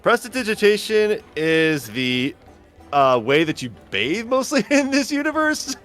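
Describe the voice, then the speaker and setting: A man's voice: high-pitched, big pitch swings, unhurried, a bit bright, faint music behind. A man running a tabletop game as game master, narrating casually and thinking aloud.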